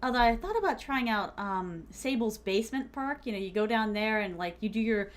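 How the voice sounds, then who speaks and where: A woman's voice: medium pitch, moderate pace, hardly any pauses. A woman streaming a game, chatting playfully with her viewers, often giggling and dropping in Japanese phrases. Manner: chatty, playful, talks to chat as "my starlings"; giggly, many fillers like "like". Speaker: VTuber streamer. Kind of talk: casual gaming stream chat.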